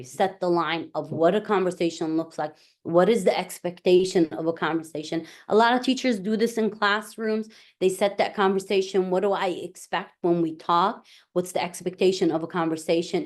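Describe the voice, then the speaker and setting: A woman presenting a parent workshop, talking in a relaxed way, repeating her points and often checking in with "right?". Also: lowish voice. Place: library meeting room.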